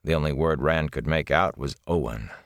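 Deep-voiced male audiobook narrator. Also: normal speed, dry recording, studio quality. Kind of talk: scripted fantasy narration.

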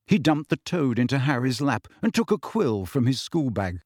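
A man's voice: mid-range voice, very animated, normal speed, a little mellow, breathy edge, no echo. Man narrating a storybook, dry and close. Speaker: audiobook narrator. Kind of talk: scripted fantasy novel narration.

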